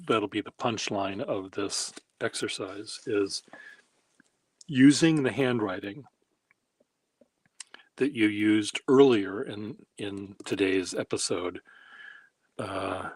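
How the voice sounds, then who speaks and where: A man talks his way through a handwriting demonstration, musing aloud with wry, self-deprecating asides. His voice sits a little low and sounds husky and breathy. He speaks slowly and loosely, like someone thinking as he goes. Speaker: pen workshop host. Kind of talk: casual rambling demonstration.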